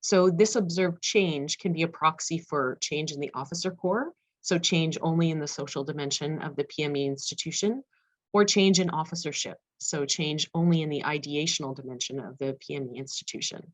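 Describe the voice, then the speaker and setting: Woman, low voice, academic talk, rapid delivery, frequent fillers. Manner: fast-paced, self-aware of speed, frequent fillers. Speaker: conference panelist. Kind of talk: academic presentation.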